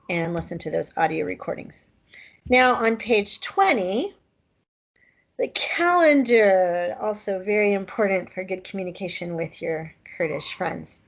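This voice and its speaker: A woman's voice: medium pitch, vocal fry. A woman teaching a language class, explaining pronunciation patiently and demonstrating sounds one at a time. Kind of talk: slow, patient language lesson.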